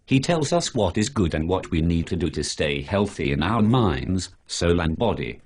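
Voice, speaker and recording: A man's voice: deep voice, sing-song, moderate pace, darkish tone. A male synthetic voice playing a sarcastic superhero who lectures his friend about refusing pork, reeling off lists of things. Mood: lecturing. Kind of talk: synthetic animated dialogue.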